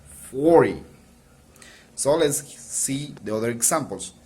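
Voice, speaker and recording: Slow, patient male English teacher. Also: medium pitch. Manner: slow, patient explaining with many restarts. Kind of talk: recorded video lesson.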